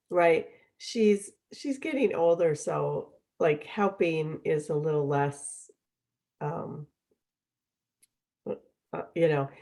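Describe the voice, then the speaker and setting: A middle-aged woman hosting a podcast, talking in a relaxed, chatty way with lots of fillers. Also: low voice. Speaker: podcast host. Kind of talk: casual conversational chat.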